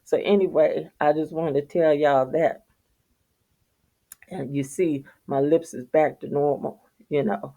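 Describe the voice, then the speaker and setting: A woman's voice: low voice, fairly even intonation, measured pace, long pauses, mellow. A middle-aged woman, telling viewers a casual, profane story and laughing often. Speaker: vlogger.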